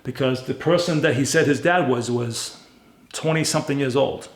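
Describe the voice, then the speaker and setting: A man casually telling a story about buying a car, blunt and animated, acting out the back-and-forth of conversations. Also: mid-range voice, moderate pace. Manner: blunt, animated retelling with quoted dialogue. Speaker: car flipper vlogger. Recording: roomy echo.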